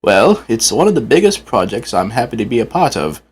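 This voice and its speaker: A man's voice: mid-range voice, sing-song, brisk, breathy edge. A man voicing a polite, cheerful male tram engine in a fan talk show.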